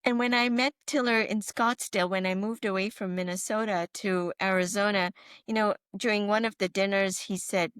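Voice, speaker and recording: A middle-aged woman physician telling stories in a podcast interview, animated and emphatic, often checking in with her listener. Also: medium pitch, normal speed, clear, resonant tone, no room sound, studio quality. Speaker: physician guest.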